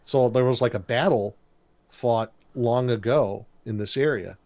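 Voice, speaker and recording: A man's voice: mid-range voice, a little slow, dry recording. A man co-hosting a podcast, recapping a cartoon episode in casual chat and acting out the characters' lines. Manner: animated storyteller, acts out character lines. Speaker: podcast co-host.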